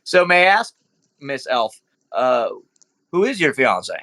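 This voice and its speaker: A man's voice: mid-range voice, big pitch swings, slow, pushed and bright, exaggerated voice. A man voicing a flamboyant male club owner who plays the showy host with nervous undertones.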